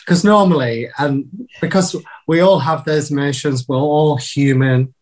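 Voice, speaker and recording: A man's voice: a little high, measured pace, low-quality recording. A man hosting a parenting podcast, talking candidly and chattily about family life, with small restarts. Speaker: podcast host. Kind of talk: casual podcast chat.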